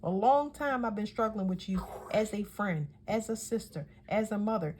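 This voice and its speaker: A woman's voice: medium pitch, normal speed, darkish tone, slight background noise. A woman giving a casual tarot reading, talking in a chatty, emphatic way and often correcting herself mid-sentence. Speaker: tarot reader.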